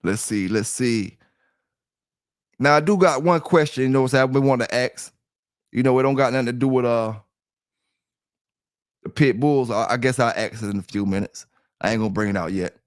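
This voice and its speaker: A middle-aged man hosts a livestream, chatting casually and rambling, repeating himself as he speaks straight to his listeners. His voice sits at medium pitch with a moderate pace and frequent pauses. The recording is clean studio sound with no room sound.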